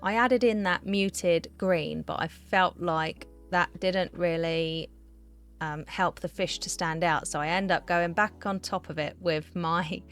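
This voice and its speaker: A woman's voice: fairly low pitch, measured pace, fairly bright tone, soft background music. A woman chatting casually as she narrates a voiceover for her art vlog, giggling often and running herself down. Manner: chatty, giggly, self-deprecating. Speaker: art vlogger. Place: home art studio.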